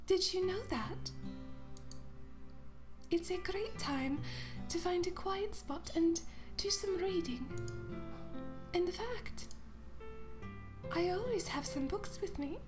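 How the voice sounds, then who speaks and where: A woman voicing a shy, bookish teenage girl from a visual novel, reading her lines softly and dreamily over game music. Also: extremely high pitch, animated, slow, long pauses, pitched above the performer's own voice, full character voice. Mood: shy, wistful. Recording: game music playing behind.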